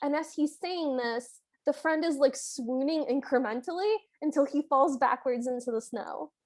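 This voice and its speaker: A woman co-hosting a casual podcast, retelling film scenes in a lively way. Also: high-pitched, normal speed. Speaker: podcast co-host.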